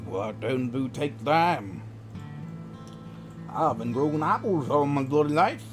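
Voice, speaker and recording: A man's voice: medium pitch, lively intonation, slow pace, music in the background, voice pushed up. A man voicing an old rustic male gardener with a put-on West Country accent, rambling in folksy dialect. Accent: West Country English, put on.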